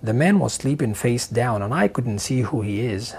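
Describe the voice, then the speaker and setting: A man narrating a dramatic first-person story with a husky voice and expressive delivery. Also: medium pitch, moderate pace.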